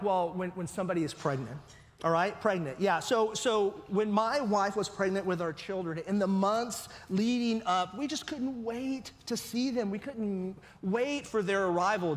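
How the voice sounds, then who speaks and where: A man preaching a sermon as pastor, talking in a conversational way and often checking in with his listeners. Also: sits high. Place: church hall. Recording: long reverb of a church hall.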